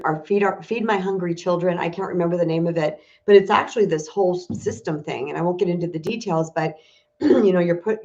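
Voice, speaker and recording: Candid low-voiced woman coach. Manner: candid, emotional, confessional. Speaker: spiritual empowerment coach. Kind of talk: casual livestream talk to viewers. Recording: dull lo-fi stream audio.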